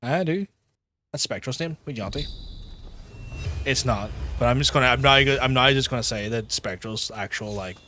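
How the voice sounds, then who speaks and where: A man's voice: fairly low pitch, fairly bright tone, slight background noise. Sweary Belfast man streaming a game. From Northern Ireland. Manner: sweary, joking, rambling. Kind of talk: casual game-stream chat.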